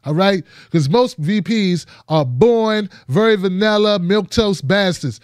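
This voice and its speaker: High-voiced emphatic male show host. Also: lively intonation, unhurried, no echo, clean studio sound. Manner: emphatic and repetitive, restarts phrases. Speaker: host of a political commentary show. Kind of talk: casual monologue to viewers.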